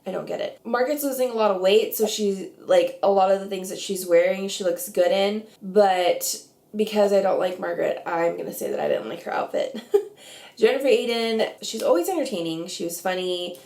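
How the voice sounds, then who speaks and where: Gravelly woman vlogger dishing on reality tv, says like a lot, echoey room. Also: medium pitch, moderate pace, a little mellow. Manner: chatty, opinionated, heavy use of "like". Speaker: reality TV commentator. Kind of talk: casual reaction vlog.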